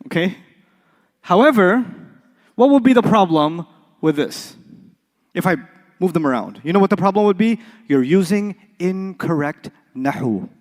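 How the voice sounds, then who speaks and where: A man's voice: sits high, animated, moderate pace, big-room sound. A man teaching an Arabic class, quizzing the students with call-and-response questions and playful examples. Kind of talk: classroom lecture.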